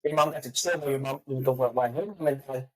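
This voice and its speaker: A woman's voice: a bass voice, fast talker, husky, poor audio. A woman telling stories in a casual chat, profane and acting out the voices of people she quotes.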